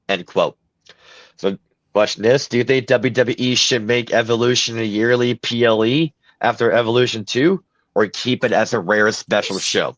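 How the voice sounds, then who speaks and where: The host of this podcast is a man with a medium pitch, fairly even intonation, and a fairly bright tone, talking at normal speed. In casual chat he reads news items and shares blunt opinions with a few fillers; the recording is dry and dull lo-fi.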